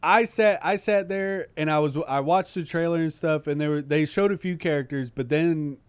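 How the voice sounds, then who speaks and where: Enthusiastic man, slightly high, smooth. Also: moderate pace, no room sound. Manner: enthusiastic, emphatic, slangy. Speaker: podcast co-host. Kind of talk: casual chat.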